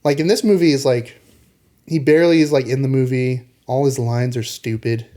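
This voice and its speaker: Rich: A mellow-voiced man giving an animated, critical take in a casual film chat. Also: mid-range voice. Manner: animated, critical, acts out quick quotes. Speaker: podcast co-host.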